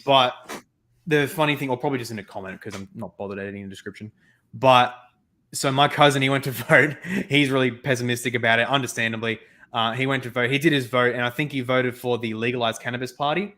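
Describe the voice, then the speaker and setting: A young man with an Australian accent, hosting a casual chat over a video call and telling stories with lots of laughter. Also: mid-range voice. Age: young adult. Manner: animated storytelling, laughs often, quick asides. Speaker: host.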